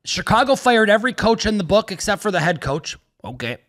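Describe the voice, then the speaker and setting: A man with a notably high voice talks football in a loose, casual podcast chat. He gets animated and acts out what others say in a raised voice. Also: a little fast. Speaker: sports podcast co-host.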